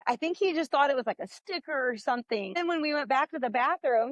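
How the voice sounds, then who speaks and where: A woman in her thirties with a fairly high voice tells funny stories as a podcast co-host, acting out the lines people said. The recording is dry and close. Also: lively intonation, quick pace, no echo. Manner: storytelling, acts out quotes. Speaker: podcast co-host, teacher, mother. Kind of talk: casual chat.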